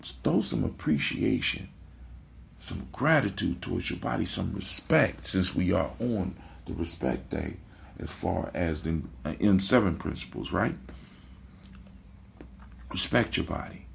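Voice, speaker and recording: A man's voice: low-pitched, animated, measured pace, vocal fry, a little hiss or hum. A man hosting a casual motivational talk, preachy, repeating his phrases and checking in with "right?". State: sleepy, yawning. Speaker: podcast host.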